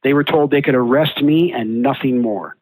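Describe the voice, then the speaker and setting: Guest man, blunt and indignant, mid-pitched, dry close sound. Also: moderate pace, dry recording, low-quality recording. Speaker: interview guest. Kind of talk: casual recounting of events.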